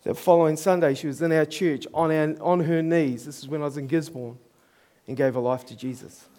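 A man's voice: fairly high pitch, fairly even intonation, fairly quick, warm tone. A middle-aged man with a New Zealand accent preaching a sermon, telling stories earnestly and chuckling at himself. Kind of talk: storytelling sermon.

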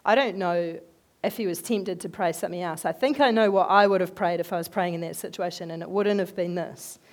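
A woman giving a conversational sermon, telling animated, chatty stories in an everyday voice. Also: lowish voice, a little fast. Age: adult, working as a head teacher. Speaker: lay speaker giving a talk.

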